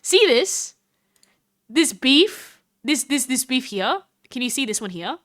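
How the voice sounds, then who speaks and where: A woman chatting casually on her live stream, animated and full of laughs and restarts. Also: sits high, slow pace, no room sound, clean studio sound.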